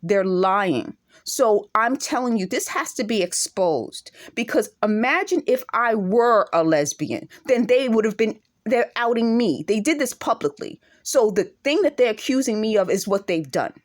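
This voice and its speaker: With a fairly high, expressive voice, a vlogger who has an accent talks at normal speed, barely pausing. Her monologue to camera is indignant and full of forceful rhetorical questions.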